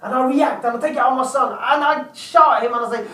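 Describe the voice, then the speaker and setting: A man's voice: very high-pitched, fast, bright, forceful tone, far from the mic. A man giving a self-help talk, telling a personal story in an earnest way and often restating his points. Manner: earnest, repeats and rephrases points. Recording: echoey room, away from the mic.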